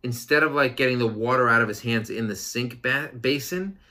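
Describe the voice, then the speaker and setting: A man's voice: mid-range voice, a little fast, pushed and bright. A man in his thirties co-hosting a podcast, chatting casually with profane, joking rants about his kids. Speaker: podcast co-host. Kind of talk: casual chat.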